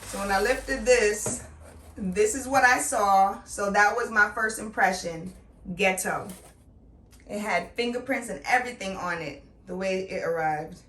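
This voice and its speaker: A woman's voice: medium pitch, a little slow, a bit bright, recorded from a distance. A middle-aged woman chatting playfully and with emphasis as she reviews a product. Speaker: beauty vlogger. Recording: echoey room, voice off-mic.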